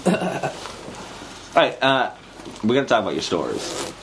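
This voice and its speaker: A man's voice: medium pitch, big pitch swings, a little slow, fairly bright tone, a little hiss or hum. Laughing, crude young man host. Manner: crude, jokey, laughs often, squeamish. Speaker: podcast host. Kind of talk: casual chat.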